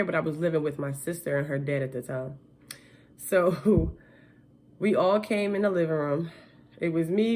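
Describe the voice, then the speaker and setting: Low-voiced woman telling her own story. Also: a little mellow. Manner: candid, chatty, frequent laughs and fillers. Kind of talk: casual personal storytelling.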